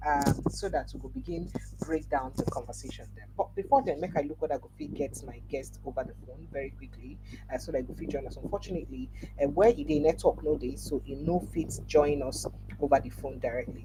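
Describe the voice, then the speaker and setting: A Nigerian woman hosting a livestream news roundup, reading headlines and commenting in a chatty Pidgin-mixed way. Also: low-pitched. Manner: chatty, animated, reads headlines then comments. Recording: noisy livestream audio.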